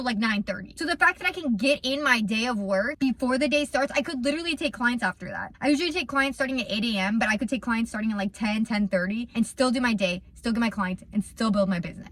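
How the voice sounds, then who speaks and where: A woman's voice: on the high side, dry recording. Chatty young woman telling a storytime. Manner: animated, rambling, repeats words when thinking. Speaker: small business owner. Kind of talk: casual storytime chat.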